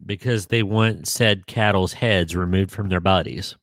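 Low-voiced man, dry joking podcast host. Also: measured pace, a bit bright, no echo. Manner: dry joking, hesitant with many ums. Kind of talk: casual chat.

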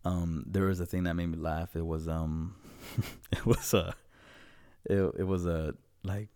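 A man's voice: sits low, fairly even intonation, a little slow, warm tone, smooth. A young man hosting a casual chat, joking and swearing and laughing easily.

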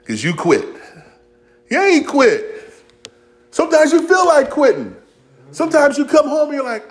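Speaking in a high voice at normal speed, punctuated by long pauses, this pastor preaches with humor and animation. He voices biblical characters in everyday Southern-inflected talk, tossing in "y'all" and "ain't" as he acts out their dialogue.

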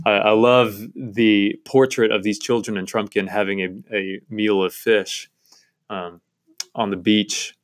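A man giving a devotional Bible-study talk on a novel, earnest and enthusiastic, with frequent fillers and restarts. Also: fairly low pitch.

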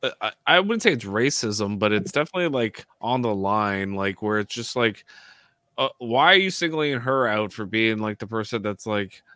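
A man's voice: on the low side, animated, normal speed, sharp tone, no echo, studio quality. A man co-hosting a casual podcast chat, rambling with lots of "like" and restarts. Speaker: podcast co-host.

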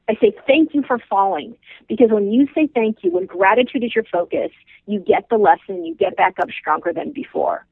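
A woman's voice: medium pitch, dry recording. A woman guest tells her story with passion and emphatic repetition. Her voice comes through a tinny phone connection. The sound is dry, with no room around it. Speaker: business owner guest. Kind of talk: podcast interview, emotional storytelling. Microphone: phone call.

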